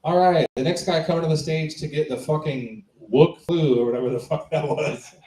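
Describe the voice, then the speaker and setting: A man's voice: a little high, brisk, warm tone. A man hosting an open mic, bringing comics on and off with hyped, profane banter. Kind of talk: emceeing. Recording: echoey club room.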